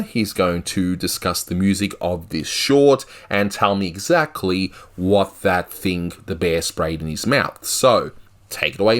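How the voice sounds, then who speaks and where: A man hosting a casual cartoon review, rambling and joking as he walks through the gags. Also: lowish voice. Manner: rambling, joking, self-interrupting.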